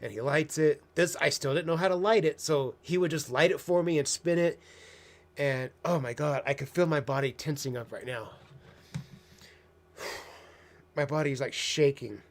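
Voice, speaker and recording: A man talks through a personal story in a loose, unscripted monologue. He is blunt and profane, trailing off and circling back, with dry sarcastic asides. His voice sits a little higher than most men's. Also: moderate pace. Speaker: host.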